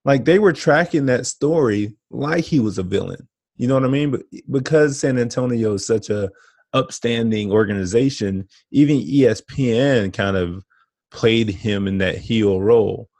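A man co-hosting a podcast chats casually in a laid-back, slangy manner, laughing often. His voice is medium in pitch with a darkish tone, at a moderate pace. The recording is dry.

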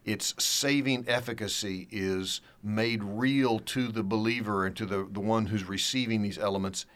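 A man with a slightly low voice talks through church doctrine in a calm, measured way. He slows down to lean on the key words as he reads and explains. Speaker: theology discussion guest. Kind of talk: theological discussion, reading quotes.

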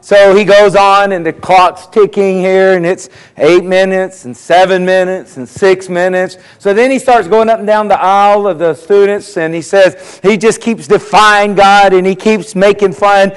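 A pastor preaches a sermon in a church sanctuary, telling folksy jokes and acting out the voices in them. His voice is high and smooth with a steady tone, moving at normal speed with hardly any pauses. The recording carries long hall reverb.

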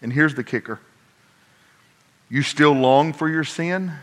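A man preaching a sermon, telling a personal story, moving between hushed asides and loud, emphatic points. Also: fairly high pitch, takes it slowly. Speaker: pastor.

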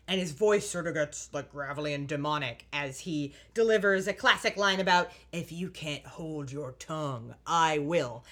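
A woman co-hosting a casual podcast, recapping a TV episode in a wry, animated way and acting out the characters' lines. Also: medium pitch. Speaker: podcast co-host recapping a show. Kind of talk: casual chat.

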